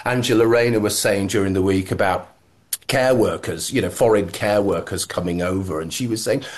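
A man's voice: on the low side, moderate pace. A man co-hosting a casual political chat, sardonic and mocking, often restarting his sentences. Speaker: co-host.

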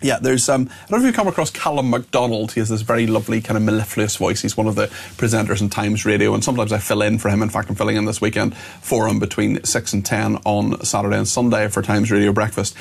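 A man's voice: lowish voice, steady tone, quick pace, gravelly, hardly any pauses, breathy edge. A man with a Northern Irish accent hosting a talk radio show, reading out listener messages with chatty asides. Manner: chatty, reads texts aloud with asides.

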